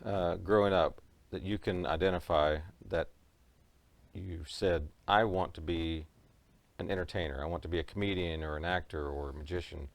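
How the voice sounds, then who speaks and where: A man with a notably low voice hosts a relaxed interview, asking questions and murmuring along as his guest talks. The sound is dry, with no room echo. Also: normal speed, gravelly. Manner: relaxed, with frequent short backchannel replies. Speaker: interview host. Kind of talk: casual interview.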